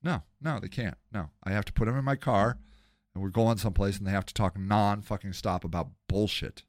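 A man's voice: lowish voice, fairly quick, no room sound, studio quality. A man hosting a podcast, talking in a blunt, profane, rambling casual monologue, sober for many years. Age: older. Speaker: podcast host.

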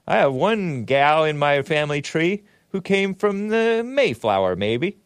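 A man's voice: fairly high pitch, very animated, a little slow, clear, resonant tone, no echo. A man hosting a livestream talk show, reading viewer messages aloud and chatting in a rambling, chuckling way. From United States.

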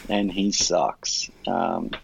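A man's voice: deep voice, level tone, drawn-out words, creaky, husky, rough recording. An Australian man, a podcast guest, telling a story in blunt, profane casual chat.

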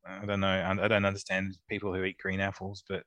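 A man's voice: deep voice, monotone, fast talker, sharp tone, dry recording. A man co-judging photos on a podcast, chatting casually with dry, wry humour. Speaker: co-judge. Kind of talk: casual chat.

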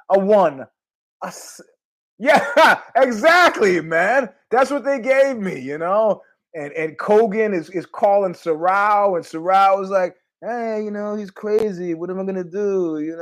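Male podcast host, loose rambling solo talk, salty language, a touch high-pitched. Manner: rambling, profane, animated asides. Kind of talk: casual monologue.

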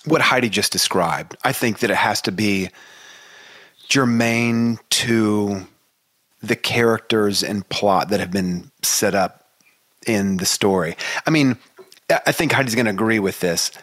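A man's voice: lowish voice, measured pace, a bit bright, no room sound. A man co-hosting a casual book discussion, chatty and enthusiastic. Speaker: podcast co-host.

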